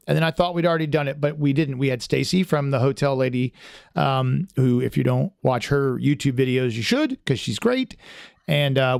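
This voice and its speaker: A man's voice: medium pitch, creaky, darkish tone, no echo, clean studio sound. A man hosting a podcast in casual chat, rambling with many restarts and fillers in a friendly, chatty way. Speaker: podcast host.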